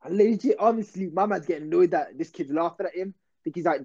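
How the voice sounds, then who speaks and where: A man's voice: high voice, quick pace, warm tone, husky, dull audio. A young man telling a rambling, slangy story on a casual podcast. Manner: rambling, slangy, self-interrupting. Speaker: podcast host.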